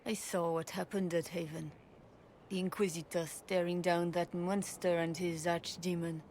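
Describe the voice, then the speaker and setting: A woman's voice: on the low side, flat delivery, moderate pace, darkish tone, slight background noise, lightly acted. A woman voicing a devout former guard captain in a video game, speaking earnestly.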